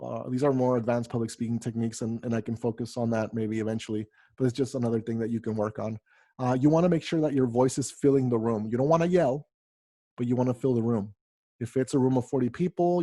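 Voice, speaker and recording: A man's voice: mid-range voice, warm tone, dry recording. A man who is a speaking coach, teaching a virtual workshop in a conversational way, with frequent fillers and restarts. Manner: conversational, many fillers and repeated words. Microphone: video call.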